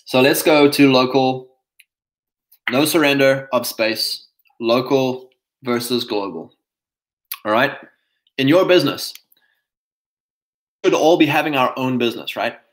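Man, streaming commentator, emphatic, punches points with "right?", mid-pitched voice. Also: unhurried, long pauses. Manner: emphatic, repeats "right?" often; mocks others in put-on quoted voices. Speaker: online commentator. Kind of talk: live-streamed monologue.

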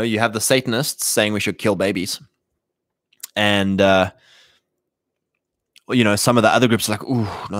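A man's voice: fairly low pitch, fairly bright tone, no room sound, studio quality. A man hosting a livestream, rambling through casual political commentary and acting out quoted voices. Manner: rambling, many fillers and restarts, acts out quotes. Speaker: livestream host.

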